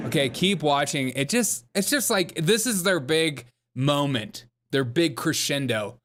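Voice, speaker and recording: A man's voice: a little high, expressive, a little slow, hardly any pauses, a bit bright. A man hosting a comedic commentary show, reacting sarcastically to clips and laughing often.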